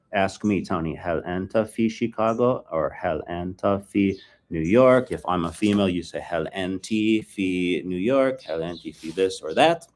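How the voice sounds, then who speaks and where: Lower-pitched man teaching a language lesson. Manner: relaxed, chatty, repeats phrases to drill them.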